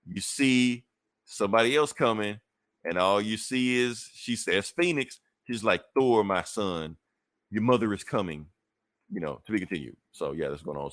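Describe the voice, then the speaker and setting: Recapping a comic book on his podcast, a deep-voiced host with a slightly bright tone talks casually, curses freely, fixes his own slips, and keeps rambling on. The sound is dry and close-miked, without any room.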